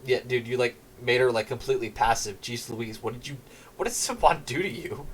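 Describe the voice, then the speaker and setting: A man's voice: medium pitch, normal speed, fairly bright tone, slight background noise. A man streaming a game and chatting with wry, casual reactions.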